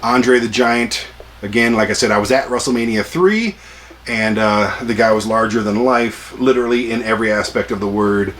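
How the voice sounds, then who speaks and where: A man's voice: on the low side, moderate pace, a bit bright, slight background noise. A man in his forties hosting a collecting vlog, chatty and jokey with self-deprecating asides. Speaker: collector vlogger. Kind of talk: casual rambling vlog.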